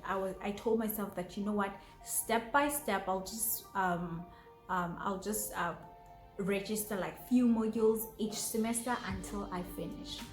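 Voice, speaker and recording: A young South African woman vlogging to camera, bubbly and giggly, with sudden high exclamations. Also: darkish tone, reverberant. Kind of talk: casual chat to camera.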